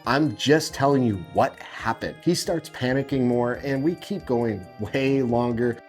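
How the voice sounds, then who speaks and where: A man telling a confessional story in a profane, sarcastic, self-mocking and animated way. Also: medium pitch, measured pace, soft background music.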